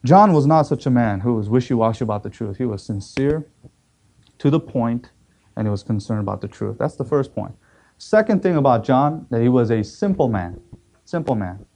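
A man's voice: medium pitch, animated, moderate pace, mellow. A man preaching a sermon, telling a story with acted quotes and emphatic repetition.

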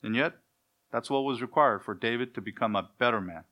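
A man's voice: medium pitch, brisk, pushed and bright. A man preaching a sermon as pastor, emphatic, posing rhetorical questions and answering them himself. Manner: acts out dialogues between parent and child.

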